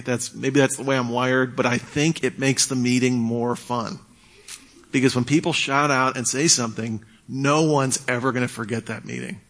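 A man giving a casual talk on leading church discussions, acting out calm, quiet replies to angry people. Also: mid-range voice. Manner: acts out quoted exchanges, drops to a hush for calm replies.

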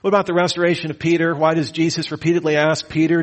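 A man teaching a Bible lecture, with a lively, questioning delivery and mock-incredulous asides. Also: on the high side, fast. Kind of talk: lecture on the Gospels.

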